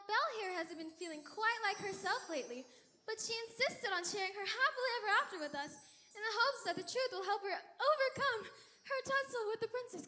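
A woman's voice: extremely high pitch, bright, forceful tone, full character voice. A woman playing a brassy, sarcastic princess who emcees the show, joking and talking straight to the audience on a live stage. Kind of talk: live stage musical performance. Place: school stage.

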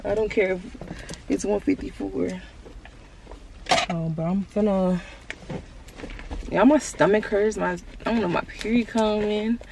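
A woman's voice: mid-range voice, steady tone, unhurried, vocal fry, pauses often, background noise. A woman from Georgia talking casually to her viewers in a vlog, slangy and chatty, calling them "y'all" and "girl". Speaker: vlogger. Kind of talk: casual vlog chat to camera. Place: in a car, then walking outside. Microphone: handheld camera.

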